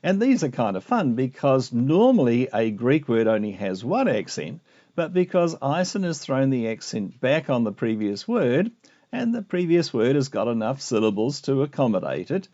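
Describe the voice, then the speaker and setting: A man teaching a video lesson on Greek grammar, explaining with lively asides. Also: medium pitch, normal speed. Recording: muffled lo-fi recording.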